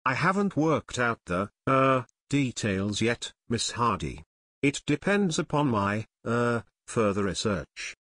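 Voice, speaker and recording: A man's voice: medium pitch, sing-song, takes it slowly, a bit bright, no room sound, exaggerated voice. A man voicing a plump teenage boy who solemnly lectures his friends about living on vegetables. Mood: hesitant.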